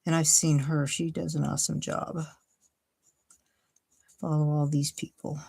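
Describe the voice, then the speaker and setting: A low, husky, gravelly voice, a little mellow, with little pitch movement and a slightly slow pace. It belongs to an Ohio woman hosting a casual crafting livestream, chatty and thinking aloud while she cuts and glues a paper card.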